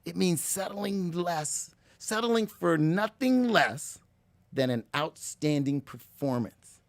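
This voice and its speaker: A man hosting a motivational talk, energetic and preachy, who keeps addressing listeners as ladies and gentlemen. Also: a little high, takes it slowly, dry recording. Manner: energetic, preachy, slips into mock voices. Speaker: motivational show host.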